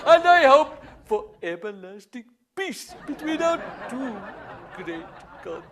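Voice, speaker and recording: A man playing a formal king from India in a comic sketch, speaking in a slow, ceremonious way. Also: very high voice, sing-song, a crowd in the background, background noise, full character voice. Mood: grandiose.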